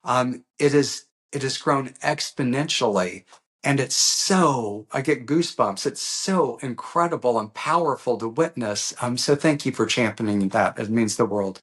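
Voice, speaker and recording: A man, an author being interviewed, speaking earnestly and emotionally with frequent hesitant pauses. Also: mid-range voice, fairly bright tone. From USA. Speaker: author guest. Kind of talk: heartfelt interview conversation.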